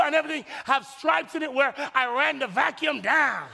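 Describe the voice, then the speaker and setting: A male pastor with a strikingly high, gravelly voice delivers a sermon with forceful, bright energy. He talks straight to the congregation, hammering his points through repetition and folksy humor. His voice rings out with a long reverb, as in a large church sanctuary. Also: normal speed, few pauses. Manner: emphatic, repeats phrases, addresses the congregation directly.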